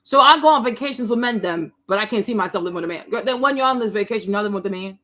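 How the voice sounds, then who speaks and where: A woman's voice: medium pitch, animated, racing, a bit bright. A woman giving casual reaction commentary on online videos, blunt and mocking, often laughing as she talks.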